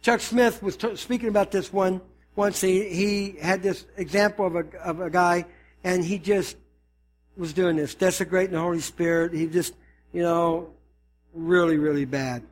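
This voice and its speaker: A man preaching a sermon as pastor, animated, acting out the voices of people and swinging between loud and hushed. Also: sits high, moderate pace.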